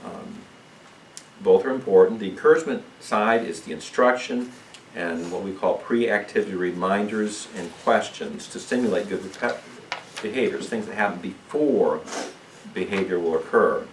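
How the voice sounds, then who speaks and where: Deep-voiced man teaching in an echoey room. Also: moderate pace, slight background noise. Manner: calm, explanatory, asks "okay?" often. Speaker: parenting seminar teacher. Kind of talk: church seminar teaching. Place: church room. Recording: echoey room, mic far off.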